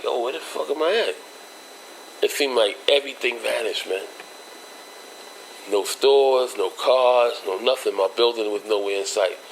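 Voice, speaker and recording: A man's voice: a little hiss or hum, low-quality recording. A man telling a personal story in casual street slang, acting out the voices of the people in it. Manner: street slang, acts out quoted voices with raised pitch. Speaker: interview guest telling a life story.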